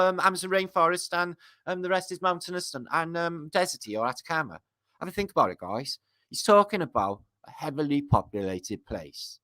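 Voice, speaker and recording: A man reading aloud from an old book and breaking off into rambling, excited asides to his viewers, full of fillers. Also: on the high side. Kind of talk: casual commentary while reading aloud.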